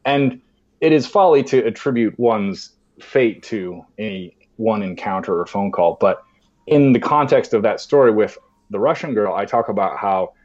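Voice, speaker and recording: A man's voice: lowish voice, moderate pace. A man, a podcast guest, telling a personal story in conversation and acting out the voices he quotes. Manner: animated, acts out voices in quotes. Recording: dull lo-fi sound.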